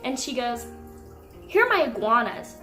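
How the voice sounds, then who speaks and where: A fairly high-voiced young woman tells a story to her camera in a casual, animated way, rising into indignant outbursts. The room is echoey, with faint music underneath. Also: moderate pace. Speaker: pet vlogger.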